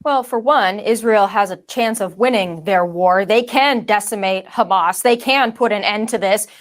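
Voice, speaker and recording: A woman's voice: medium pitch, normal speed. A woman political commentator in a televised debate, firing off emphatic talking points over a remote video link.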